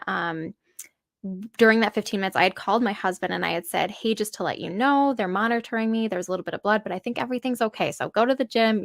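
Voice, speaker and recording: A woman's voice: mid-range voice, a bit bright, no echo, studio quality. A woman in her thirties, a podcast guest, telling a personal story earnestly, full of fillers and acted-out quotes.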